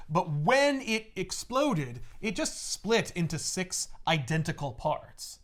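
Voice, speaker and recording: A man hosting a casual podcast, recapping a comic in an animated way and acting out the characters. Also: high-pitched, slow. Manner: animated, laughing, acts out characters. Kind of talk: casual chat.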